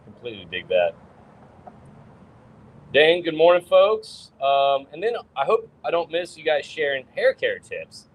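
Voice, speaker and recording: A man hosting a casual breakfast livestream, chatty and upbeat, giving shout-outs to viewers. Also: fairly high pitch, sing-song, measured pace, low-quality recording. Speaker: host.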